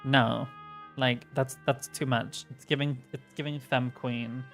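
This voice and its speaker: A woman's voice: very deep voice, measured pace. Ranting woman livestreamer. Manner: ranting, swearing, reacting to chat; animated, voice jumps up when worked up. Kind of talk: casual chat while streaming. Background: faint music.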